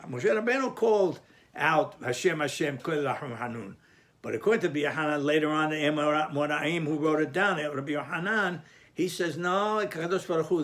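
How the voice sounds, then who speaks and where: Guy teaching a torah lesson, slightly high voice, patient, stops and restarts a lot. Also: a bit bright. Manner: patient, explanatory, with frequent restarts and fillers. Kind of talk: spoken lesson.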